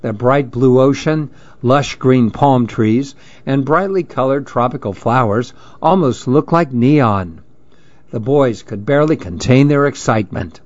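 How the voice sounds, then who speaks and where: A man narrating a children's story in a calm, measured reading. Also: medium pitch, no room sound. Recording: dull lo-fi dry recording.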